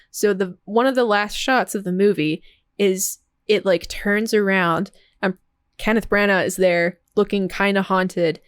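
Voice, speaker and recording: A chatty young woman co-hosting a movie podcast. Her voice sits at an ordinary middle pitch, heard close and dry with no room sound. She talks loosely with plenty of fillers and slows down to lay out details. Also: no room sound. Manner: chatty, laughs often, many fillers. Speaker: podcast co-host. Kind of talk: casual movie chat.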